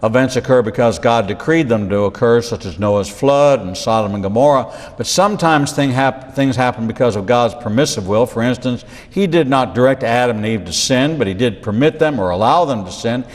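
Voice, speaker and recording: A man preaching a Bible lesson in a large hall, his voice carried on a long reverb tail. He speaks at a mid-range pitch, leaning on repeated phrases for emphasis and dropping in dramatic pauses and joking asides. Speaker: rabbi teaching the Bible. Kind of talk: sermon-style Bible teaching.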